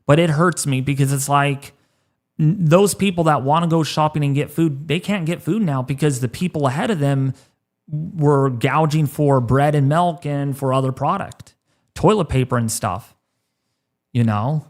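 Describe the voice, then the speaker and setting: Man in his 30s, slightly high voice, emotional livestream host, halting, repeats himself. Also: darkish tone.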